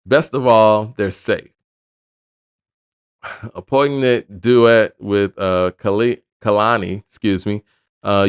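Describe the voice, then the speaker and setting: A man's voice: lowish voice, steady tone, takes it slowly, pauses often, clear, resonant tone, no room sound, clean studio sound. A man hosting a hip hop news show, reading an album review aloud and breaking off into casual asides.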